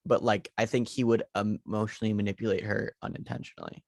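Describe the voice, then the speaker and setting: A man's voice: lowish voice, steady tone, fast talker, gravelly, darkish tone, no echo, clean studio sound. A man co-hosting a podcast in casual movie chat, rambling through ideas with lots of fillers. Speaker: podcast co-host.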